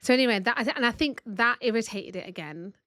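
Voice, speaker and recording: A woman co-hosting a podcast from home, telling stories in a chatty, animated way. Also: a little high, fast talker, no echo, studio quality. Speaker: podcast co-host. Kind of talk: casual chat. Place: family home.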